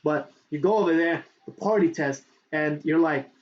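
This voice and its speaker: Here a man with a somewhat high voice and a moderate pace gives an informal on-camera lesson on affiliate marketing. He keeps circling back and asking "right?", animated as he reaches around for books, and the audio is flat and lo-fi with faint background noise.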